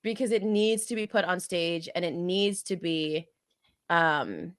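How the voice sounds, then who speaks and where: A woman co-hosting a podcast, chatting casually and acting out characters in quick voices. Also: lowish voice, lively intonation, no room sound, clean studio sound. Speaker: podcast co-host. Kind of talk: casual chat.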